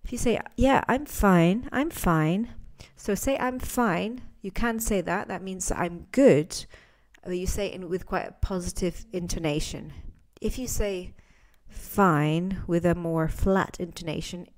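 A woman teaching English phrases in a chatty podcast lesson, acting out sample lines with lively intonation. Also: on the low side, normal speed.

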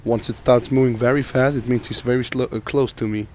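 A sore-throated gamer talks a little fast in a mid-range voice, riffing jokily as he plays. He's excitable, addressing teammates and himself, with a faint noise floor behind him.

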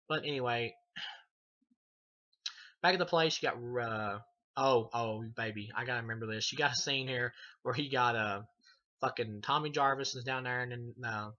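A man's voice: medium pitch, normal speed, pauses often, sharp tone, dull audio. A man giving a casual, profane film review, rambling and laughing as he retells scenes. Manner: rambling, swears a lot, laughs often. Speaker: movie reviewer.

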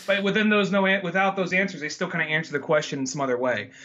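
A man co-hosting a podcast, casually recapping a movie and acting out scenes in quick mimicked voices. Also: fairly high pitch, steady tone, sharp tone, highs cut off. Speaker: podcast co-host.

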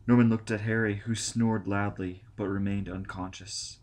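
A male audiobook narrator reads in a steady, measured way. His voice sits on the low side. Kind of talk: scripted narration.

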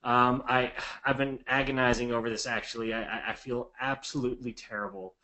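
A man acts out an anxious investor who keeps apologizing. He stammers, sighs, and lets his voice drop low and quiet, sounding hesitant throughout. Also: steady tone, fairly quick, close to an everyday voice. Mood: apologetic. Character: apologetic, anxious male real estate investor.

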